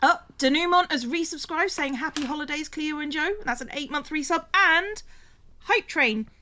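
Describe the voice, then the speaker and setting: A woman's voice: high-pitched, normal speed, pushed and bright. Stammering woman, chatty streamer. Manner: stammering, repeats words while crafting; reads out viewer names and thanks them. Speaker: streamer co-host. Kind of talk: casual livestream chat.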